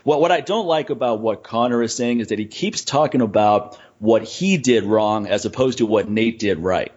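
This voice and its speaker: A man's voice: lowish voice, normal speed, darkish tone. A man in casual podcast chat, breaking down a fight in detail and quoting others with animation. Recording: dull lo-fi sound.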